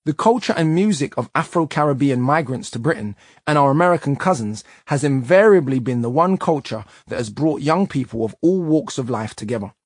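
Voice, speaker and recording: A man reading a nonfiction audiobook in a measured, emphatic way. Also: medium pitch, lively intonation, no echo, clean studio sound. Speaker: audiobook narrator.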